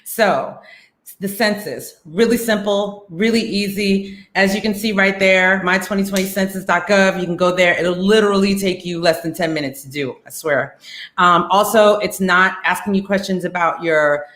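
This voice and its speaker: A woman hosting a casual online talk show, chatty and lively, with many fillers and laughs. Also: mid-range voice, moderate pace, roomy sound. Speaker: host.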